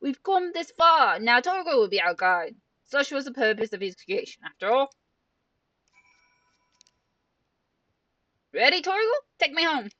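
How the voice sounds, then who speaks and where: A woman's voice: sits high, big pitch swings, moderate pace, bright, forceful tone, dry recording, pitched above the performer's own voice, heavily acted. A woman reading as an earnest young male warrior. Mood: determined. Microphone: headset mic. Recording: dull, distant, dry, game music behind.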